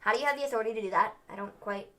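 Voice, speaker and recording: A young woman co-hosting a casual wrestling review stream, animated and acting out quotes. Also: medium pitch, racing. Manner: animated, acts out quotes in exaggerated voices. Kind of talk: casual recap chat.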